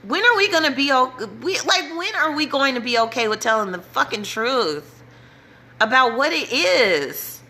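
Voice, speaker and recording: Woman, vlogger, bright and forceful, urgent, repetitive, preaching to her audience. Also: high voice, very animated, moderate pace. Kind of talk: impassioned direct-to-camera talk.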